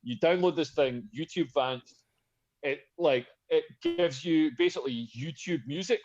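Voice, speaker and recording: A man's voice: fairly high pitch, a little mellow. Rambling man, dull lo-fi sound. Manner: rambling, full of fillers and restarts. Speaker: podcast host. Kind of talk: casual chat.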